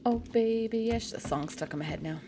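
A woman's voice: fairly high pitch, fairly quick, noisy background. A woman from Canada chatting casually and making crude jokes while playing a game on a live stream.

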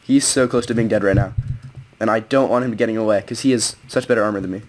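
A young man giving excitable, rambling live commentary on his own gameplay as a gaming video host. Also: on the low side, fast, slight background noise. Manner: excitable, rambling, self-narrating play-by-play. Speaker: gaming YouTuber.

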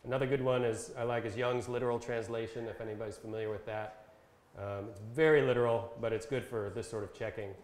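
A man presenting a Bible translation workshop, explaining step by step in a casual instructional style with fillers, and reading verses slowly. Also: mid-range voice, steady tone, a little mellow. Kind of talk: casual instructional talk with screen demo. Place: talk given at a camp session. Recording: echoey room sound.

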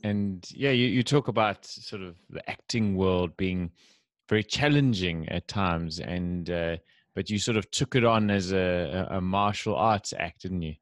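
A man with an Australian accent co-hosting a podcast, asking questions in a lively, playful way. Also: deep voice, unhurried, no echo, studio quality. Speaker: podcast co-host. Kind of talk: casual interview conversation.

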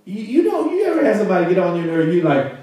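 Speaking rapid-fire in a high, mellow, highly animated voice, a male pastor delivers a chatty sermon that gets the congregation calling back, and he laughs frequently. The church sanctuary setting sounds very echoey, picked up by a distant mic.

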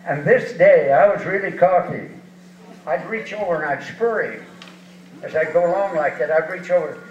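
A man's voice: high voice, moderate pace, a little mellow. A man in his eighties from eastern Washington, telling folksy, chuckling rodeo stories in an onstage interview. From eastern Washington, USA. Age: 80s. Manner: folksy, chuckling, rambling anecdotes. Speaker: rodeo hall of fame inductee, interviewee. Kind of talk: storytelling on stage interview. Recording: distant, echoey and dull hall sound.

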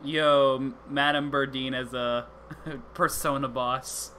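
A man's voice: mid-range voice, fairly even intonation, takes it slowly, bright, forceful tone, slight background noise. A man giving casual, joking let's-play commentary, swearing often and restarting his sentences. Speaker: gamer playing through a game.

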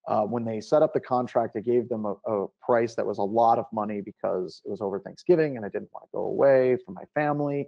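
A man giving a conference keynote, telling an animated story and jumping into high pitch for the voices he quotes. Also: gravelly, lo-fi sound. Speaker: keynote speaker. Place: conference stage.

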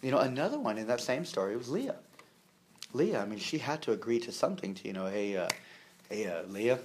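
A man's voice: medium pitch, big pitch swings, fast talker, a little mellow, a little hiss or hum. A man preaching a sermon in a conversational way, with humor, many fillers and repeated words. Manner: conversational, with humor and acted-out quotes.

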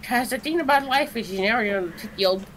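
A woman's voice: on the high side, a little fast, slight background noise, rough recording. A woman playing along on a game stream who chats casually and teases with lots of giggles. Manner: animated, teasing, giggly. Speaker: co-player on stream. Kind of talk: casual gameplay chat.

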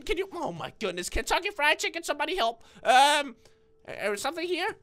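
A man's voice: extremely high pitch, sing-song, fairly quick, bright, forceful tone. A man giving let's-play commentary, nervous and stuttering, who bursts into screams when startled. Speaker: gaming video creator.

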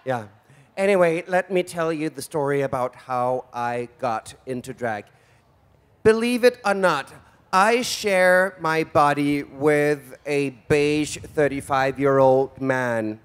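High-voiced campy drag host. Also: male voice, slow, clear, resonant tone. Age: 40s. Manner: flamboyant, camp, theatrical. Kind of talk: campy stage banter. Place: event stage before an audience.

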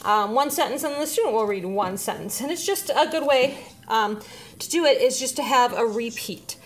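Woman, teacher, high-pitched, out of breath, chatty instructional demo, frequent "um" pauses. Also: lively intonation. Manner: chatty, with frequent "um" pauses while handling letters. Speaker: teacher showing reading activities. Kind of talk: casual instructional demonstration.

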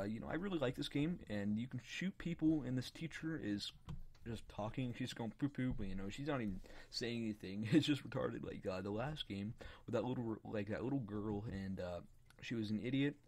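A man giving loose, rambling let's-play commentary on a point-and-click game, often laughing and getting excited. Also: mid-range voice. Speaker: gaming YouTuber.

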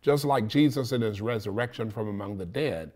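A male preacher with a somewhat low voice delivers a sermon. He teaches through short, repeated phrases that hammer home each point, and he often pauses to ask "okay?" to make sure the listener is following. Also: a little mellow. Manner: repetitive, insistent teaching with frequent "okay?" check-ins.

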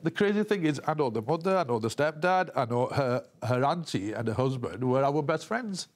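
A man giving an emotional news interview, talking haltingly with many restarts and repeated words. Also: mid-range voice, expressive. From England.

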